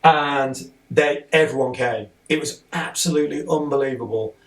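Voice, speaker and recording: A man, a podcast guest, telling an excited, rambling story in casual conversation, sitting some way off the mic. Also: medium pitch, normal speed.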